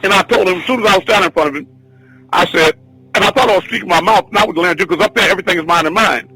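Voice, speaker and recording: High, bright, husky man telling a story. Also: very fast, faint music behind, poor audio. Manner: excitable, repetitive, restarts often. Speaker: teacher of a spiritual class. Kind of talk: rambling spoken testimony.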